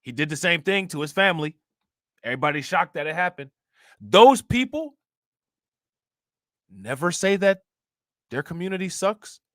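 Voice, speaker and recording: A man's voice: fairly high pitch, very animated, moderate pace, long pauses, a bit bright, no echo, studio quality. A man hosting a commentary channel, talking to his viewers in an emphatic, heated way, full of rhetorical questions. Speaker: reaction channel host.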